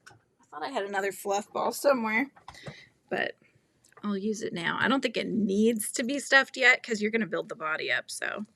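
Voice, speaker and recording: A woman hosting a casual crochet livestream, giggly, animated and chatty as she talks to viewers. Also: mid-range voice, normal speed, gravelly. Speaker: livestream host.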